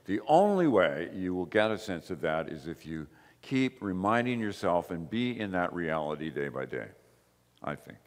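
Lower-voiced man preaching in a reverberant church. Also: big pitch swings. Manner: slow, emphatic phrasing with repeated short phrases. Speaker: pastor. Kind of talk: sermon.

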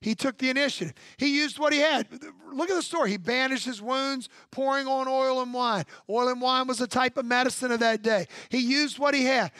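A man's voice: extremely high pitch, a little fast, hardly any pauses, pushed and bright, smooth, dry recording. A male pastor preaching a sermon in punchy repeated phrases, drawing call-and-response from the congregation.

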